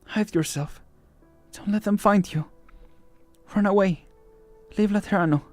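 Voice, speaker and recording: A man voicing a tender, dying mother who pleads softly with her daughter in a game story reading. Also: high voice, unhurried, faint music behind, voice pushed up.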